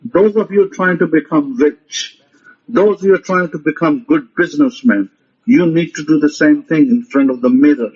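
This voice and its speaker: Husky-voiced man giving a forceful lecture. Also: a little high, very animated, normal speed. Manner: emphatic, repetitive, commanding. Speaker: rabbi teaching a lecture. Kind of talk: motivational lecture. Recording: muffled lo-fi audio.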